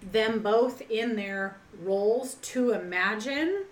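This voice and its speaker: A woman co-hosting a podcast, telling stories with animated excitement and swearing freely. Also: medium pitch, slow. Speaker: podcast co-host. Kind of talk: casual chat. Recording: roomy echo.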